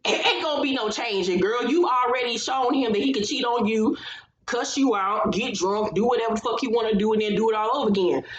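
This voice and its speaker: A woman's voice: on the high side, a little fast, reverberant, dull audio. A woman hosting a casual reality TV recap, talking bluntly and profanely with sassy reactions. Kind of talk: casual chat.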